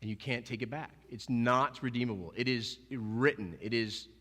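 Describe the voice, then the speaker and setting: A male pastor preaching a sermon, animated and emphatic, acting out scenes as he goes. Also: mid-range voice, normal speed, big-room sound. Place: church sanctuary.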